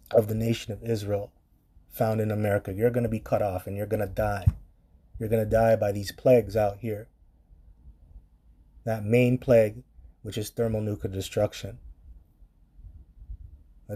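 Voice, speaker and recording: A man's voice: lowish voice, dark tone. A man preaching on scripture in a blunt, profane commentary style, reading verses aloud and reacting to them.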